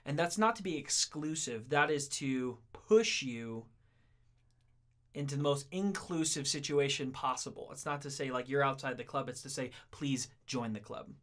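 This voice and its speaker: A man's voice: mid-range voice, moderate pace, fairly bright tone. A man in an interview giving an earnest, explanatory reflection. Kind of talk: reflective commentary.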